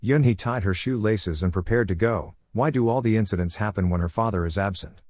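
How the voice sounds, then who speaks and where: A man reading a comic recap as scripted narration in a steady, even delivery. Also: on the low side, a little fast, no room sound.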